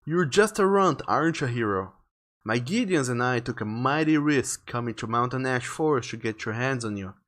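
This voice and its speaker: A man's voice: mid-range voice, animated, normal speed, a bit bright, close to an everyday voice. A man voicing a scornful, mocking winged creature in a game.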